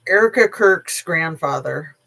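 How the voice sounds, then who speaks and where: A channel host giving casual opinion commentary, sarcastic and blunt, rambling with filler pauses and casual swearing. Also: mid-range voice, animated, vocal fry, pushed and bright.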